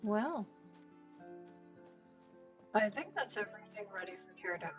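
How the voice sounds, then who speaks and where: A woman streamer narrates her game in a slow, drawn-out murmur, mostly talking to herself. Her voice sits at an ordinary middle pitch. Soft game music plays faintly beneath her. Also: animated. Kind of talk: casual gameplay commentary.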